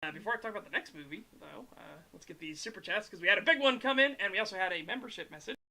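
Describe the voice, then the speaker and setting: Bright-voiced woman streamer, casual chat. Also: medium pitch, expressive, racing. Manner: laughing, swearing, acting out characters. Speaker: streamer host. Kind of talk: casual chat about movies.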